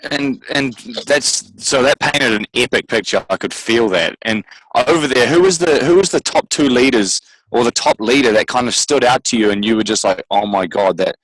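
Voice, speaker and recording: A man's voice: mid-range voice, moderate pace, a bit bright, no echo, low-quality recording. A man hosting a casual interview on a call, playful and teasing with his guest. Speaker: interview host.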